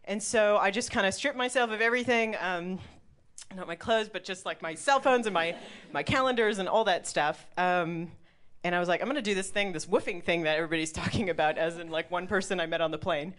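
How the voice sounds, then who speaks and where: A woman's voice: fairly low pitch, fairly quick, fairly bright tone. Chatty woman telling a story. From Milwaukee, Wisconsin, USA. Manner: chatty, lots of "like", swears, laughs often. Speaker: storyteller at a live event. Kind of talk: personal story told to an audience.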